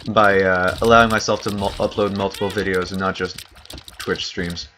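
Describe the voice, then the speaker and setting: A man's voice: low-pitched, flat delivery, moderate pace, noisy background. A man casually commenting on his game play, rambling and correcting himself as he goes. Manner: rambling, self-correcting, chuckling asides. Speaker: gaming channel host.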